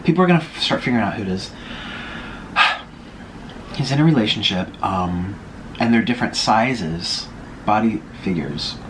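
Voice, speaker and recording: A young man talks to his viewers between bites, spilling gossip in a lively, up-and-down voice. The delivery is loose and chatty. A faint hum of the room sits underneath. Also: on the low side, normal speed, long pauses. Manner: gossipy, chatty, eating while talking. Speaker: vlogger. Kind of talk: casual mukbang chat.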